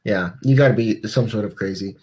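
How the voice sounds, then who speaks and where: A man's voice: on the low side, a little fast, a little mellow, breathy edge. A young man co-hosting a podcast in casual chat, rambling and laughing a lot. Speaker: podcast co-host.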